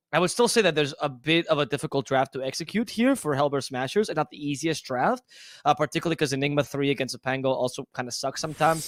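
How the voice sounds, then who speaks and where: A man from Spain with a regional Spanish language as his first tongue, casting a live esports match in English. He rattles through his analysis at a rapid clip, chatty and opinionated, at a middling pitch. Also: no room sound, clean studio sound. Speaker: esports commentator.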